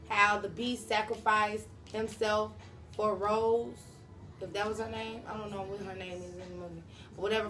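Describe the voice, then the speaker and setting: A woman doing a casual tarot reading, talking straight to her viewers in a slangy, profane way. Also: medium pitch. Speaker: tarot reader.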